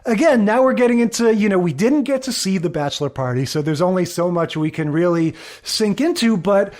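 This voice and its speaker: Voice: medium pitch, animated, brisk, a little mellow. A podcast co-host in a casual chat, giving thoughtful, reflective commentary on an old sitcom and agreeing often.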